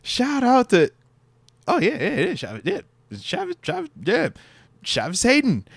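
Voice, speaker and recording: Man, animated sports talk, lively swinging pitch, slightly high voice, dry close sound, slangy and repetitive. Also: moderate pace, gravelly, breathy edge, no echo. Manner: animated, slangy, repeats phrases. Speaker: podcast co-host, former player. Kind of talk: casual sports chat.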